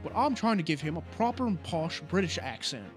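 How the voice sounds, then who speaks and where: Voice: medium pitch, big pitch swings, brisk, faint music behind. A player casually commenting on a game and musing about doing voices. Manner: chatty, self-commenting.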